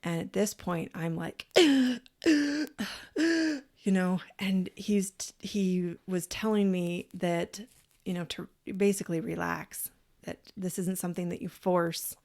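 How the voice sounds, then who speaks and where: A woman co-hosting a podcast, telling a personal story in a casual, animated way, acting out what people said and swearing freely. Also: fairly low pitch, unhurried, gravelly. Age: parent, adult. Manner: animated, acts out quoted voices. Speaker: podcast co-host.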